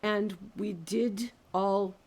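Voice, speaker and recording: A woman's voice: mid-range voice, fairly even intonation, drawn-out words, a little mellow. A woman playing a tabletop game who describes her character's actions plainly. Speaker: player. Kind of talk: casual table talk.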